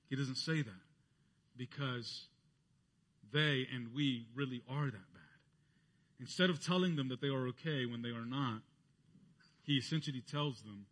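A man's voice: measured pace, pauses often, fairly bright tone. A man preaching a sermon earnestly, lifting his voice when he quotes others. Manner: earnest preaching, voicing quoted speech with rising pitch. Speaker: pastor.

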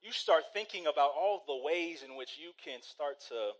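A man's voice: a little high, expressive, normal speed, few pauses, low-quality recording. A male pastor preaching a sermon in a conversational, storytelling way, often checking in with "right?".

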